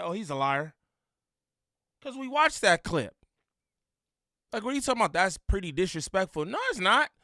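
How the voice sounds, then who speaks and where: A man's voice: high voice, a bit bright, no room sound, studio quality. A man giving blunt, slangy reaction commentary on a clip, getting heated.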